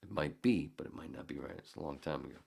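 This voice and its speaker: A man's voice: a bass voice, quick pace, creaky, darkish tone, husky. A man in his fifties, a podcast host, telling a story in a casual, heated and profane way. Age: 50s.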